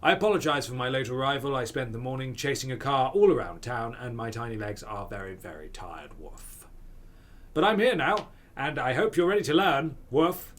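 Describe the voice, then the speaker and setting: Man doing a panting, fussy dog professor, woofing mid-sentence, lively up-and-down voice, game character. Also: medium pitch, normal speed, lightly acted. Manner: punctuates sentences with a barked woof.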